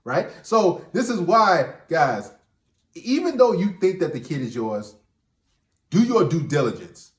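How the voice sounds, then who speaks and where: A man talking straight to viewers in an emphatic casual monologue, often repeating words as he restarts. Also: a little high. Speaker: relationship commentator and host. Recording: echoey room.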